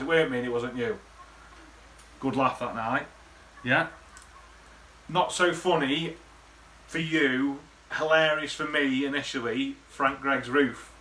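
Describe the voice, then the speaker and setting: Bloke in his 30s, bright voice, sweary rambling chat to camera, bit of faint hum behind. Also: medium pitch. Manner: sweary, rambling, laddish banter. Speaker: vlogger. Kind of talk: casual reminiscing monologue.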